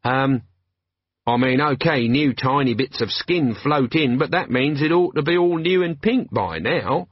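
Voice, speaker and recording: A man's voice: medium pitch, lively intonation, measured pace, slightly rough, dry recording, dull audio. A man playing a nervous, gloomy middle-aged watch sergeant who quavers. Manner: quavering, anxious.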